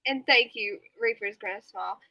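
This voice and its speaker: A bright, high-voiced woman with a drawl chats late at night on a live stream from her home. She reads viewer comments aloud and breaks into giggles and snorting laughs. The sound is dry and close. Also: normal speed, creaky, dry recording, lo-fi sound.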